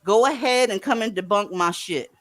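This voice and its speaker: A woman's voice: mid-range voice, moderate pace, slight background noise. A woman hosting a live online panel, blunt, profane and joking with callers. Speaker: livestream host.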